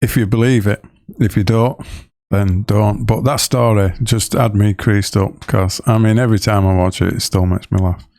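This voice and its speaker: A man hosting a video, giving relaxed, thoughtful casual commentary. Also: lowish voice, moderate pace, gravelly, few pauses, no echo, studio quality. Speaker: video host.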